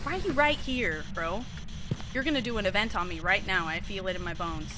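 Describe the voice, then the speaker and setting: A woman streaming a horror game, chatting casually with viewers, sassy and swearing freely, with sudden excited yelps. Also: medium pitch, a little fast, background noise. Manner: bursts into excited yelps during scares. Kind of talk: casual live-stream chat over gameplay.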